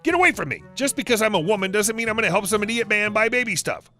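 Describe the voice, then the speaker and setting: A man voicing a rude, entitled middle-aged woman shopper who talks in a shrill, indignant way. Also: animated, fast talker, pushed and bright, faint music behind.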